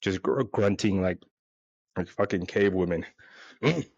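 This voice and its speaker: A gravelly, rather low-voiced man in his forties rambles through a crude, self-mocking comedy monologue as host. His voice is close and dry, with a dull, lo-fi edge to the sound. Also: measured pace, a little mellow, dry recording. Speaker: podcast host.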